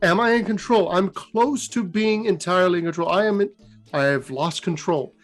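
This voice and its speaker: A man's voice: sits high, moderate pace, lightly acted. A man voicing a flustered young male mage who stammers and second-guesses himself.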